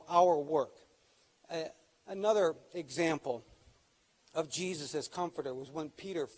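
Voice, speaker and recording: A middle-aged pastor with a fairly high voice delivers a sermon in a relaxed, conversational manner. He talks to his listeners directly and grows louder and higher when he quotes scripture. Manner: conversational preaching, rises in pitch and volume on quoted scripture.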